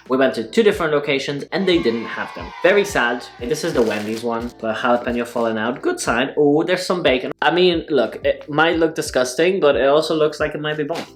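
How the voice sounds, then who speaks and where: This food vlogger is a man with a bright, fairly high voice who hosts a casual mukbang. He talks through mouthfuls in a wry, sarcastic way.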